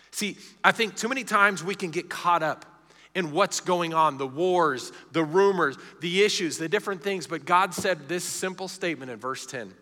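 Bright-voiced middle-aged pastor in an echoey church. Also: male voice, fairly high pitch, expressive, moderate pace. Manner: earnest, conversational preaching, often opening with "see". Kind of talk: sermon. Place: church sanctuary during a live evening service. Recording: echoey church hall with long reverb.

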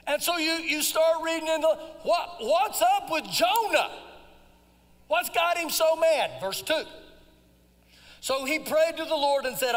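A man preaching a live sermon in church, folksy and conversational, swinging from low asides to loud shouted emphasis. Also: unhurried. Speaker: pastor. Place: church sanctuary during a service. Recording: long hall reverb.

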